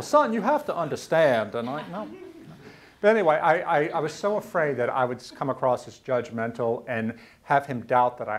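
Middle-aged man, mid-range voice; earnest lecturer who stumbles and repeats words in emotional stretches. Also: mid-range voice. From Louisiana, US South. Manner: earnest, halting, repeats words when moved. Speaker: author giving a lecture. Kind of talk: personal storytelling lecture. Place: university lecture room.

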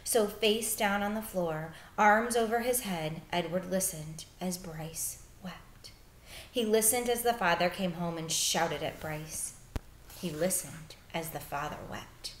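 A woman teacher reading a children's book aloud, with expressive storytelling that turns soft and hushed in the sad parts. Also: fairly low pitch, slow, echoey room, a little hiss or hum.

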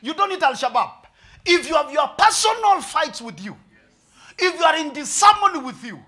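Pastor, high bright voice, lively sermon delivery with loud peaks. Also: male voice, moderate pace. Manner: animated preaching, swinging from hushed to shouting; mixes English and Swahili with humor.

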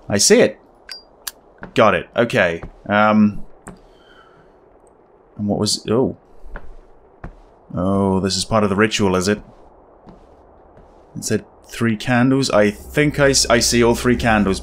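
A man's voice: fairly low pitch, a little hiss or hum. A man giving casual, wry commentary while playing a horror game, thinking aloud. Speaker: gaming video creator.

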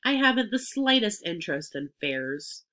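A woman reading aloud and voicing a grumpy, greedy male rat in a children's story, with a gruff, sulky manner. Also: mid-range voice, very animated, moderate pace, sharp tone. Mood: grumbling.

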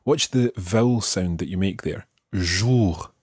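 Scottish male teacher, low husky voice, patient and deliberate, dry close studio sound. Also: a little mellow, no echo. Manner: patient, slow, careful modelling of pronunciation. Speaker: French teacher. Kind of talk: podcast language lesson.

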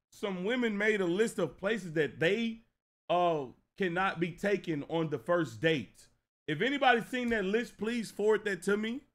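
A young man streaming live, ranting to his chat in a casual, profane, animated way. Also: high-pitched.

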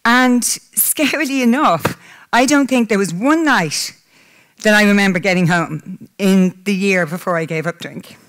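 A woman's voice: medium pitch, measured pace, fairly bright tone. Tearful woman speaking candidly. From Ireland. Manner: candid, emotional, breaks into laughter. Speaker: public speaker. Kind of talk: personal talk to a live audience. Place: conference hall.

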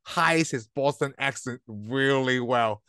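A man's voice: mid-range voice, takes it slowly, fairly bright tone, clean tone, dry recording, clean studio sound. A man co-hosting a casual podcast about movies, rambling and laughing often as he trails off mid-sentence. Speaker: podcast co-host. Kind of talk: casual movie review chat. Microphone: own microphone, remote call.

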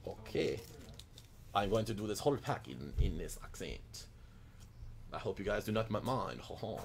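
A jolly, comic-accented hockey player chuckles and speaks as if he were the players, as a man puts him on. The voice is gravelly and sits fairly low. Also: sing-song, moderate pace. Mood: jokey. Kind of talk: mock-accent card commentary.

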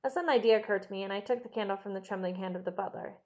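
A woman narrating a classic novel as an audiobook, in a measured, expressive storytelling manner. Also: medium pitch, dull audio.

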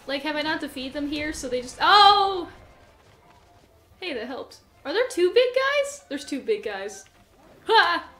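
A woman's voice: sits high, very animated, unhurried, pauses often, fairly bright tone. A young woman commenting on her own gameplay, who panics and shrieks in tense moments, then rambles and laughs at herself. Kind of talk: let's play commentary.

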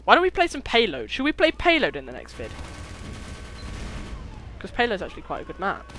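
A teenage boy chattering and joking excitedly while playing a shooter game online. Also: high-pitched, a little fast, slight background noise. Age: teens. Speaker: gamer. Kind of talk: casual gameplay commentary.

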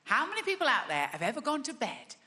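A woman's voice: on the high side, wildly swooping pitch, quick pace, sharp tone, big-room sound. A woman comedian performing a wry, chatty stand-up routine on a large theatre stage. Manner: wry, conversational, chatty asides.

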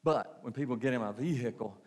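A man's voice: medium pitch, fast talker, a little mellow. A man preaching a sermon, repeating phrases and asking the congregation questions. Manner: preaching with repetition and rhetorical questions. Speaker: pastor.

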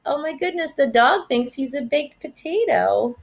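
A first grade teacher, a woman, reading a picture book aloud in an animated, expressive way. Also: high voice, a little slow, creaky, hardly any pauses.

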